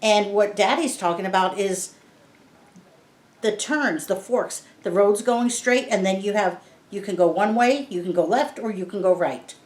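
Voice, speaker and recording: In a roomy, echoing space, a woman reads a picture book aloud to children and patiently explains each word in simple terms. Her voice is medium in pitch and her pace unhurried, in the manner of a read-aloud lesson for kids.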